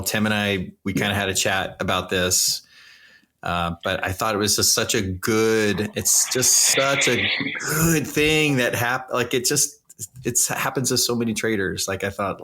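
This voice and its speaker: A man hosts a podcast, chatting with a friend and telling stories with easy enthusiasm. His voice sits on the lower side. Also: slight background noise. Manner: storytelling, animated, easygoing. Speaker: podcast host. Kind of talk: casual chat.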